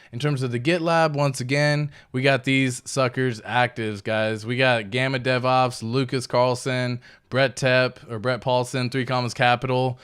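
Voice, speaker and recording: A man's voice: medium pitch, fairly bright tone, clean tone. A man hosting a casual crypto livestream, reading viewer comments aloud in a laid-back, slangy way and chuckling often.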